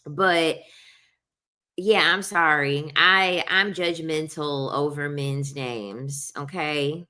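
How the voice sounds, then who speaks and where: Speaking extremely slowly in a low, steady, sharp voice, a woman delivers a blunt, opinionated rant to her viewers. Profanity comes freely, and she says "I'm sorry" again and again.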